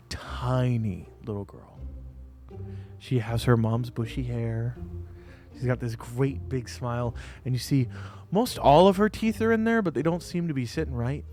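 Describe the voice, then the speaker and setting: A man narrating a tabletop game as game master, telling the scene in a relaxed way with small fillers. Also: mid-range voice, measured pace, soft background music.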